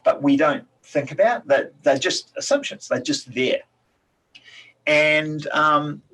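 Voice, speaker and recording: A man with a slightly husky voice hosts an online talk session from a room at home. He speaks casually over a video call, filling pauses with ums and restarting his sentences. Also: medium pitch, poor audio. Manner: relaxed, chatty, many fillers and restarts. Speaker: host of a TEDx salon. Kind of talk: casual talk introducing guests.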